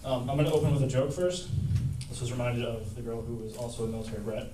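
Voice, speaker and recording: A man at an open mic who tells a few halting jokes and then reads a poem in a coffee house. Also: medium pitch, steady tone. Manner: joking, halting, full of fillers. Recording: echoey room from far off, with noise.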